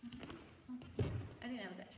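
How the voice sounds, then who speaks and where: A woman's voice: fairly high pitch, takes it slowly. Lady teaching a routine, going bum bum da da da and counting it out, far from the mic in a big echoey room w/ noise. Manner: thinks aloud, hums the beats, counts out loud. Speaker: color guard choreography instructor. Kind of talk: teaching choreography, scatting the music and counting. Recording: roomy, echoey, from far off, noisy.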